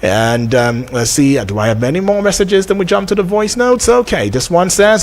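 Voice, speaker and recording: A man's voice: high-pitched, expressive, fairly quick, hardly any pauses. A man hosting a radio phone-in, talking unhurriedly with many fillers and reading out listener messages. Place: radio studio.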